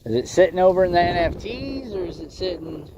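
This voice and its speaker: A man's voice: high voice, expressive, fairly quick, dull audio. A man hosting a fishing livestream from a windy lake, chatting casually and joking with his viewers, laughing often.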